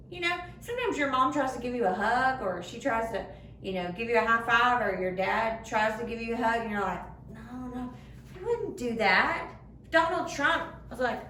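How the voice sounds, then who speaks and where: A young woman giving a children's sermon in simple, animated words, recorded in a church room. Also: a little high. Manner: animated, speaks simply to children, acts out voices. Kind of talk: kids' sermon. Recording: echoey room, far from the mic, faint noise.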